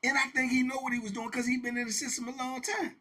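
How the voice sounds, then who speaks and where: An animated man telling a story, his voice high, bright and husky. He talks casually in slang and repeats his lines for emphasis. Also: fast. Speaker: host and storyteller.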